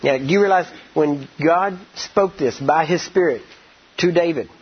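A man preaching a sermon, rambling with many "I mean" and "you know", acting out quoted speech and slowing down to stress scripture. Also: fairly high pitch, breathy edge. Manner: slows down and stresses words when teaching scripture. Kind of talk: sermon with storytelling. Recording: dull lo-fi recording.

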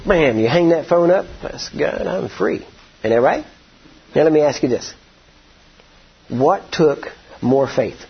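Husky-voiced man preaching a sermon. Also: a little high, expressive, dull audio. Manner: folksy, drawn-out storytelling, rising to emphatic declarations. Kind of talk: sermon with storytelling.

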